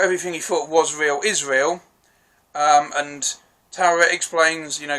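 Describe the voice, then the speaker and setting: A man's voice: fairly high pitch, fairly even intonation, moderate pace, sharp tone. A man casually recapping and reviewing a TV episode, rambling and apologetic, with lots of fillers and restarts. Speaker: TV review vlogger.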